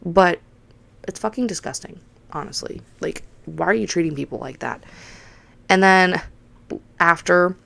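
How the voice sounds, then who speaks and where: A young woman telling a story casually, acting out the quoted dialogue in an animated, swearing manner. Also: fairly low pitch, a little slow, long pauses. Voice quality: gravelly. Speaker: podcast host.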